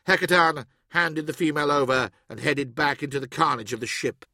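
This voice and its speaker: Man, audiobook narrator, steady reading, bright and forceful tone, dry close sound. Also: on the high side, fairly quick, hardly any pauses, no room sound. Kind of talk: scripted narration.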